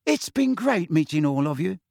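A man's voice: on the high side, big pitch swings, moderate pace, gravelly, darkish tone, no room sound, studio quality, voice pushed up. A man voicing a cheerful, breezy young witch with a friendly manner.

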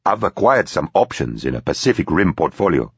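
A man playing an earnest investor pitching a deal in an audiobook. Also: very animated, fairly quick, breathy edge, no room sound, full character voice. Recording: dull, dry.

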